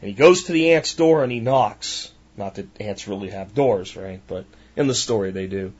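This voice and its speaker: A man's voice: lowish voice, moderate pace, darkish tone, husky, lo-fi sound. A man hosting a podcast who talks in a passionate, emphatic, ranting way. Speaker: podcast host. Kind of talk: monologue podcast.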